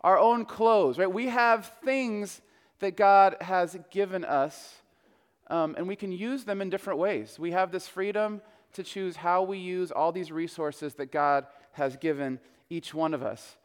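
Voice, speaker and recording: A man pastor preaching a sermon in a relaxed, conversational storytelling way. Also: high voice, a little slow, clear, resonant tone, long reverb tail.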